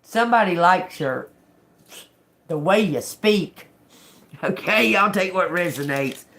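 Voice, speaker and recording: A woman with a lowish, expressive, slightly bright voice does a tarot reading on a live stream. She muses slowly, repeating words as she reads them out. She is casual, swearing and laughing with her viewers.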